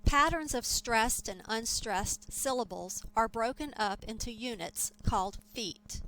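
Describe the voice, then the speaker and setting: Woman lecturer, fairly high voice, clear measured explanations. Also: fairly bright tone, low-quality recording. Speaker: teacher. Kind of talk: scripted lecture.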